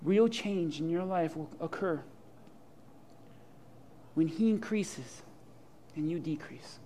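A man preaching a sermon with humor and imagined dialogue, swinging from loud to hushed. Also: a little high, slow pace, a little hiss or hum. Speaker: pastor.

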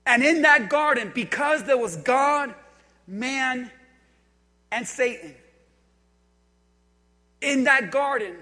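Male preacher, high bright voice, deliberate pace, hall reverb. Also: expressive. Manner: emphatic, repetitive, drops to quiet intensity. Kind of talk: sermon. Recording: echoey hall.

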